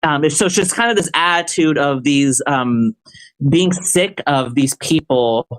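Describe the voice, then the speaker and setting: A man with a slightly high voice talks on a livestream, rambling, stumbling over his words and restarting often. When he rants, his tone turns heated and confrontational. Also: unhurried, low-quality recording. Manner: rambling, with many restarts and stammers. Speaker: livestream guest answering a question. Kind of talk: casual livestream chat.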